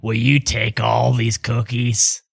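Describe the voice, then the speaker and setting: A man doing a gravelly old doting husband. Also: medium pitch, flat delivery, slow, no echo, clean studio sound, full character voice. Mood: sheepish. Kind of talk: tabletop role-play voicing.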